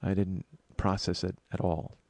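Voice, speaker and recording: A man's voice: low-pitched, level tone, unhurried, a little mellow, dry recording. A man in his forties, a comedian and podcast host, telling a wry, self-mocking story as a monologue. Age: 40s.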